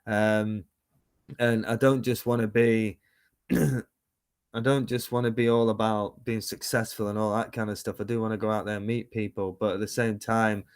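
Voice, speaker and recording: Low-leaning and flat in delivery, his clear, resonant voice moves at normal speed. He's a thirty-something British musician and painter giving a casual video-call interview, wandering off with frequent fillers and restarts, captured in dry, studio-quality audio.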